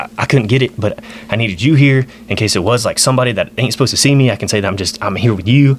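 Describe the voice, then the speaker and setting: A man's voice: lowish voice, fast, slight background noise, natural voice. A man putting on a stammering, panicky stoned uncle. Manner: stutters, repeats words, frantic.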